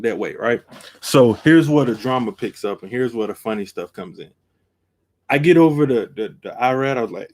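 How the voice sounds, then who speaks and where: Man, live streamer, animated storytelling, acts out every quote, seated at a desk mic. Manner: acts out every quote, jumps from low to loud. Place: seated indoors at his camera.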